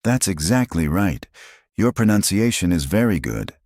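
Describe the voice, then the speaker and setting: A man's voice: low-pitched, sing-song, normal speed, a little mellow, no echo, studio quality, pitched above the performer's own voice. A man reading a choked-up young father. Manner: choked, earnest.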